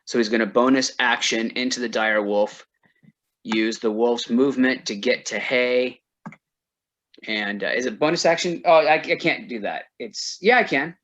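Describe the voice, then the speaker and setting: A man's voice: mid-range voice, moderate pace, fairly bright tone, slight background noise. A man playing a tabletop game, hesitant and thinking aloud about the rules. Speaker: player. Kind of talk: casual tabletop play.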